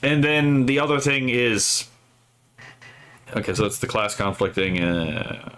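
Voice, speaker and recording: Male streamer host, mid-pitched, loose profane commentary with lots of "right?" tags. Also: expressive, measured pace, a bit bright. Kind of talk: casual political commentary.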